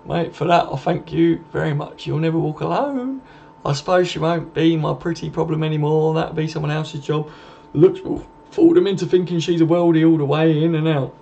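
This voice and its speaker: A man's voice: a little high, flat delivery, a little fast, gravelly, few pauses, warm tone. A young man hosting a late-night live stream from home, casually reading out and answering viewer comments and swearing freely. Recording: dull lo-fi stream audio with faint noise.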